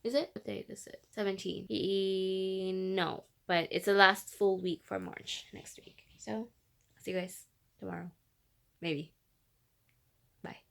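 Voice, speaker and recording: A young woman from the Philippines talks through her reading week in a loose, rambling vlog style. Her voice carries a gravelly, fry-tinged edge. She sits at a middle pitch for a woman. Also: flat delivery, slow, a bit bright. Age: 20s. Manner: rambling, self-correcting, chatty. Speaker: book vlogger. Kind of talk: casual reading vlog chat.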